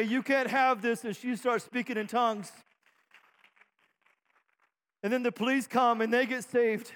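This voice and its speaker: A pastor preaching a fervent sermon, firing off repeated rhetorical questions and calling for amens from the congregation. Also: male voice, high voice, fairly bright tone. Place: church sanctuary. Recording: long hall reverb from a church.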